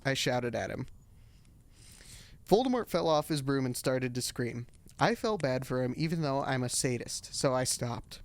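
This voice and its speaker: A male streamer reads a story aloud in a mid-pitched voice, narrating straight and breaking off for dry, deadpan asides. The delivery is comic and conversational. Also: moderate pace. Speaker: streamer reading a fanfic aloud. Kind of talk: comedic dramatic reading with asides.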